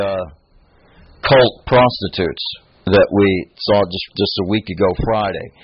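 A man's voice: mid-range voice, slightly rough, no echo, dull audio. A man teaching a Bible lecture to a class, explaining words at length and often restarting phrases as he quizzes his students.

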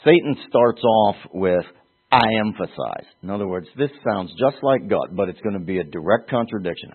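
A man's voice: fairly low pitch, animated, moderate pace, breathy edge. A man preaching an expository sermon, acting out quoted voices as he teaches. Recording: phone-like narrow band.

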